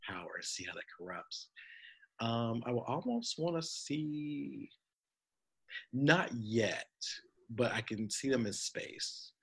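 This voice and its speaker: A man co-hosting a casual fan podcast, talking in an animated, rambling way with lots of fillers. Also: medium pitch, slow pace, husky. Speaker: podcast co-host.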